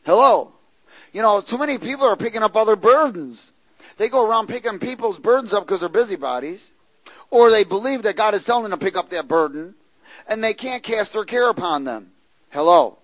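A man's voice: lively intonation, brisk, no room sound, rough recording. Fiery preacher man, dry close sound. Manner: emphatic, swings from low asides to loud shouted peaks, mimics congregants; frequent rhetorical "Hello?" and call-and-response questions. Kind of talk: sermon.

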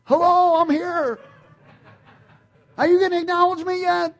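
A man voicing an excited heavenly father who is eagerly waiting for someone to wake up. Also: a little slow, full character voice. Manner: gushing, high-pitched excitement.

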